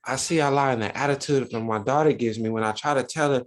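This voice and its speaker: A man's voice: mid-range voice, fast talker, few pauses. A man teaching a religious Sunday school lesson, preaching with lots of rhetorical questions to his listeners.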